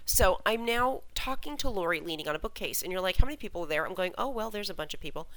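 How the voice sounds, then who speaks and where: Poor audio captures this woman's fairly low voice as she races through a tale. As a fan site host chatting podcast-style, she stays animated and acts out the quoted lines of the characters involved.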